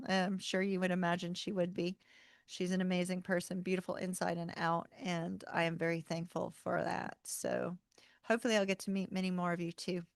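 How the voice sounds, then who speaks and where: Female tarot streamer, relaxed chatty host, gravelly, dry close sound. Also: lowish voice, no echo. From North Carolina, US. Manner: chatty, warm-hearted, laughs often, says y'all. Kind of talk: casual livestream chat.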